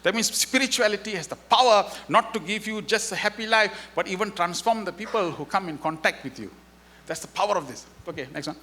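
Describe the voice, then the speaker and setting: Animated man giving a spiritual talk. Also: sits high, fairly quick. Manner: animated storytelling, acting out dialogue. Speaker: guest speaker. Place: festival hall.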